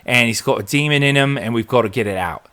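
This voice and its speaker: A man's voice: mid-range voice, fast talker, a bit bright, lightly acted. A man voicing a blunt adult male exorcist who bluntly tells parents their kid is possessed.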